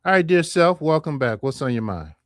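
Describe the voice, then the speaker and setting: A man's voice: a little high, big pitch swings, fairly quick, dry recording. A man hosting a live call-in stream, bantering casually and bringing callers on. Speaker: show host.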